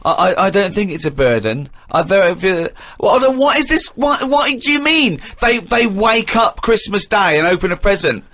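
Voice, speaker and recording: A man in an easygoing radio conversation whose voice is bright and sharp. He pushes back with disbelief and breaks into laughter readily. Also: high-pitched, big pitch swings. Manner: incredulous, quick to laugh. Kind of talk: casual radio chat.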